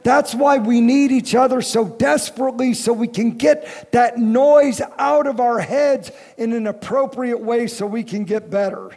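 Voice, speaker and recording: A man in his fifties, a recovery speaker telling a personal story in an animated way and acting out the quoted lines. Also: extremely high pitch, a little slow, hardly any pauses, in a large hall. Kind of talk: storytelling talk.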